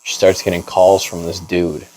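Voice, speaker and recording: A man's voice: sits low, level tone, normal speed, a little mellow, slight background noise, rough recording. A young man casually telling a long story in a barbershop, laid-back and full of "like". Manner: rambling, laid-back, heavy on "like".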